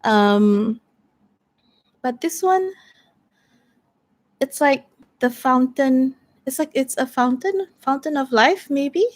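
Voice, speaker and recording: A woman's voice: sits high, animated, slow, pauses often. A woman playing through a solo tabletop story game, thinking aloud hesitantly as she reads tarot cards.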